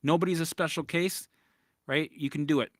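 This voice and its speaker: A man's voice: fairly high pitch, moderate pace, no room sound, studio quality. A man hosting a casual live-stream Q&A as a recovery coach, talking bluntly with swearing and frequent restarts. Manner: blunt, profane, animated, with lots of restarts.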